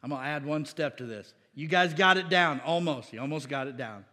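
A pastor delivers a sermon in a loose, conversational way, restarting phrases and building to emphatic peaks. His voice sits a little high for a man. The sound carries a long reverb tail from the hall around him. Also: a little fast, sharp tone. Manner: conversational preaching with many restarts and rising emphasis.

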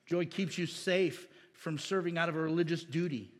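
A pastor delivers a sermon in a loose, conversational way, restarting phrases and building to emphatic peaks. His voice sits a little high for a man. The sound carries a long reverb tail from the hall around him. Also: fairly even intonation, normal speed. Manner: conversational preaching with many restarts and rising emphasis.

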